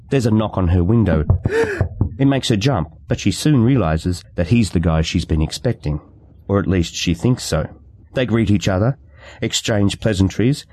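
Brief: low, mellow man reading a novel aloud, steady and measured. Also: no echo. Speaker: audiobook narrator. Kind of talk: scripted narration.

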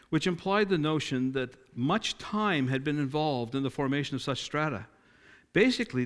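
A man's voice: on the high side, fairly bright tone. Man preaching a sermon. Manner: storytelling, acting out quoted dialogue, emphatic.

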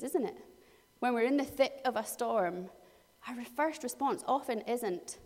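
A woman preaching a sermon, telling the story in a lively way and acting out voices. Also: fairly high pitch, normal speed, big-room sound.

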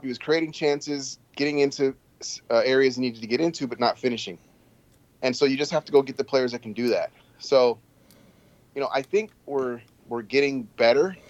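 A man co-hosting a casual football podcast, giving calm, reasoned takes on the team. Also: mid-range voice. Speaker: podcast co-host. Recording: slightly dull, lo-fi sound.

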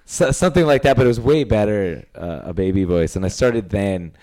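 A man from New York co-hosting a podcast, telling stories in a dry, deadpan way. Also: fairly low pitch, fairly quick. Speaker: podcast co-host. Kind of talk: casual chat.

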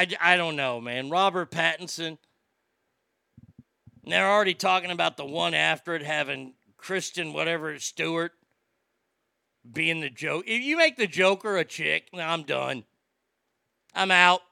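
A man's voice: a little high, vocal fry, pushed and bright, clear, resonant tone, dry recording, studio quality. A man ranting casually and profanely about movies while reading out listener comments. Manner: swearing, exasperated ranting.

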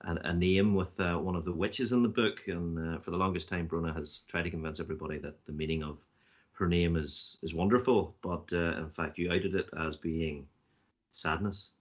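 A man's voice: low-pitched, steady tone, moderate pace, highs cut off. A man co-hosting an interview, speaking hesitantly and teasing the guest. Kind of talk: casual interview chat.

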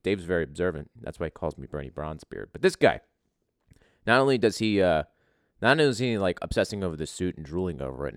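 A man's voice: low-pitched, no echo, studio quality. A man hosting a casual podcast, telling a crude, joking story full of swearing. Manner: profane, joking, animated. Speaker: podcast host.

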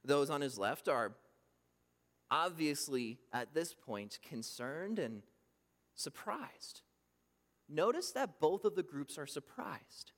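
A man preaching a sermon, emphatic, swinging between loud bursts and hushed asides. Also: fairly high pitch, sing-song, slow. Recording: long reverb from a hall.

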